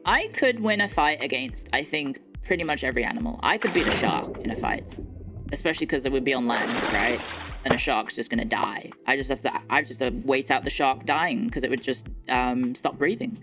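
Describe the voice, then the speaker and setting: A woman's voice: very deep voice, fairly quick, over loud music. A young woman streamer chatting casually and boasting playfully, swearing freely as she answers viewer comments.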